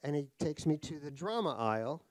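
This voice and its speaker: A man's voice: fairly high pitch, sing-song, brisk, dry recording. A middle-aged man, an author telling comic stories about himself at a live talk. He is wry and self-deprecating, laughs at his own jokes, and rambles through fillers and restarts. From United States (New York). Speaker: author guest in a stage conversation. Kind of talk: comic anecdotal storytelling. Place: live talk at a cultural center.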